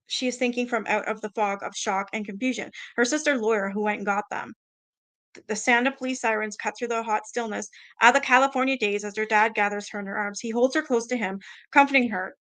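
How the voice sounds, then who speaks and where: A woman reading a book aloud to her viewers, with casual reactions in between. Her voice is bright and forward at a middling pitch. She stumbles, breaks off and swears as she goes.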